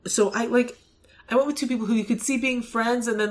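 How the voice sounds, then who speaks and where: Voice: medium pitch, fairly even intonation, a little fast. Chatty podcast host, loose and rambling. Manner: rambling, many fillers, acts out quoted lines. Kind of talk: casual chat.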